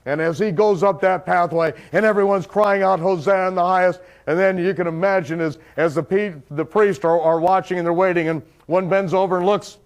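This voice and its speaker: A man with a notably high voice retells scripture as a vivid, dramatic story. His delivery builds in intensity and stays loose and conversational, with fillers along the way. He has the manner of a Bible teacher giving a sermon. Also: fairly even intonation, a little fast, few pauses.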